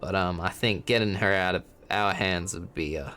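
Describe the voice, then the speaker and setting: A man voicing a hesitant, halting guard figure. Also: low voice, sharp tone, slight background noise. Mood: unsure. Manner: hesitant, halting, full of fillers. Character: hesitant, uncertain male human named Adam.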